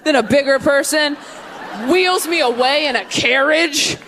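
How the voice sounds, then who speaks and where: A young adult woman performing a stand-up comedy set, animated, slipping into quick voices for the people in her stories. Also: high-pitched, a faint crowd, slight background noise. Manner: animated, slips into quick voices for friends, babies and her dad. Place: live comedy venue with audience.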